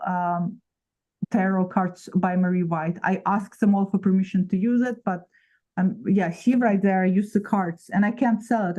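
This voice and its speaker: A woman's voice: medium pitch, mellow, dull audio. A woman chatting casually on a video call, reading out viewer comments and joking. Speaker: co-host.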